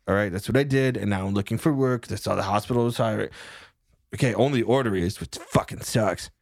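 A man's voice: fairly low pitch, creaky, dry recording, studio quality. A man doing a scared medic with a stuffy cold. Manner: scared, rambling, defensive. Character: jittery young male medic with a head cold.

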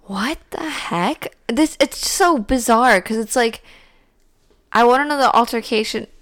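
A woman's voice: fairly high pitch, expressive, measured pace, a bit bright, dry recording, studio quality. A young woman co-hosting a casual true-crime podcast, thinking aloud with many fillers. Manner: musing, talks through thoughts with fillers. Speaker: podcast co-host.

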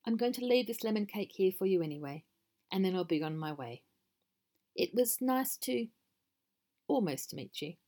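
A woman's voice: medium pitch, lively intonation, normal speed, long pauses, mellow, natural voice. A woman voicing a magnanimous, polite mother goat in a storybook reading. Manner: polite and reasonable.

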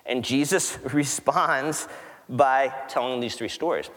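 Man preaching in an echoing hall. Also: medium pitch. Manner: conversational, animated storytelling with quick asides. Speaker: pastor. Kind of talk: sermon. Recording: long hall reverb.

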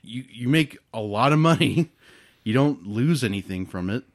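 A man's voice: mid-range voice, animated, normal speed. A young man co-hosting a casual movie chat, sarcastic and joking, laughing as he talks. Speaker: podcast co-host.

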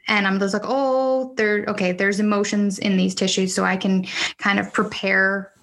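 A woman with a mid-pitched, gravelly voice answers as a guest in a relaxed interview. She speaks calmly and simply about her work. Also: moderate pace. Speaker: guest therapist. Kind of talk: casual interview chat.

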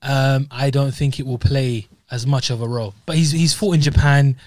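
A man's voice: mid-range voice, fairly even intonation, moderate pace, a little mellow, no echo. A man with a British accent co-hosting a fight podcast in casual chat, full of fillers. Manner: chatty, lots of fillers and "you know what I mean". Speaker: podcast co-host.

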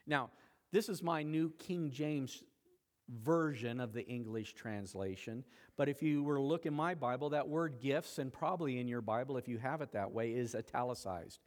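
A middle-aged man, a pastor, preaching a sermon in a chatty way, now and then rising sharply in pitch and loudness. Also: animated, normal speed, in a large hall. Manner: conversational preaching with sudden rises in pitch and volume.

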